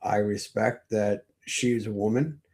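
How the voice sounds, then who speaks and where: A man being interviewed as a guest, telling a personal story slowly and reflectively, with frequent hesitations. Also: lowish voice, fairly even intonation, a little mellow. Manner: slow, reflective, hesitant with fillers.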